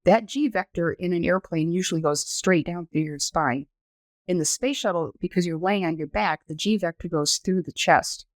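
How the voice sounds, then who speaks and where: A woman in her sixties, a former astronaut guest on a podcast, telling her story in a detailed, measured, explanatory way. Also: lowish voice, no room sound. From United States. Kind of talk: conversational storytelling interview.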